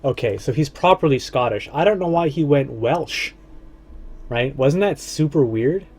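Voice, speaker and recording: A man streaming a strategy game, casually thinking aloud and muttering to himself, his words often trailing off low. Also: expressive, a little slow, a little mellow, breathy edge.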